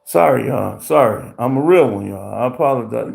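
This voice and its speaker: Animated, profane man ranting on a livestream. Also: medium pitch, moderate pace, vocal fry, soft background music. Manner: animated, profane storytelling with voiced impressions. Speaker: livestream host. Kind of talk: casual livestream rant. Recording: roomy echo.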